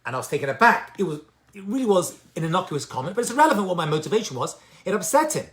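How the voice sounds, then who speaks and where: A man's voice: high-pitched, sing-song, racing, a bit bright. A man teaching about addiction recovery and spiritual growth in an informal, conversational way. He repeats his key lines for emphasis and often checks in with "right?". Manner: conversational, with frequent "right?" and "you know"; emphatic repetition of key phrases.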